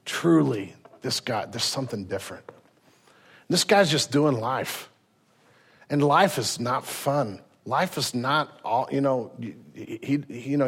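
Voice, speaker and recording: A man's voice: mid-range voice, a little slow, fairly bright tone, husky. A man preaching a sermon in a church, telling stories animatedly with frequent restarts. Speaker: pastor.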